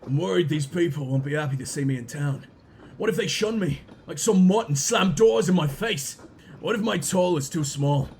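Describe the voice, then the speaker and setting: A man putting on a lowered, dramatic voice to read the lines of an anxious young male doctor from a game. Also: animated, moderate pace, long pauses, a little hiss or hum.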